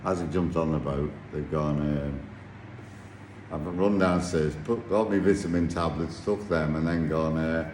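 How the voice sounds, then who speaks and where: A man telling a casual anecdote about his sailing trip, halting and full of restarts. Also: very deep voice, steady tone, darkish tone. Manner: rambling, halting storyteller with many restarts. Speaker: yacht captain telling a story. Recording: echoey room with faint noise.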